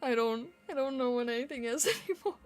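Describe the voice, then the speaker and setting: A woman chats casually with her viewers during a live stream, talking fast and giggling often. Her voice squeaks when she laughs or yells, and soft music plays in the background.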